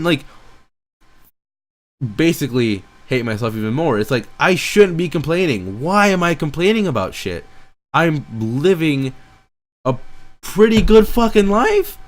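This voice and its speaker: Frustrated teenage boy venting, swearing constantly. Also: medium pitch. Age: teens. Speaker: streamer. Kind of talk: venting monologue.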